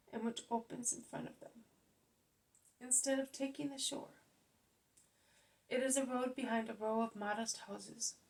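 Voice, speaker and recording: A woman reading a religious book aloud as a regular devotional reader, in a soft, measured voice that slips into whispers. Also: medium pitch, creaky, low-quality recording.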